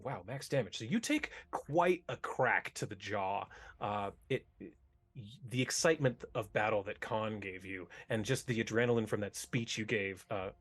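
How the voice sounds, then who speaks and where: A man's voice: lowish voice, a bit bright, breathy edge. A man narrating loosely as game master of a tabletop game. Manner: loose, descriptive, with restarts.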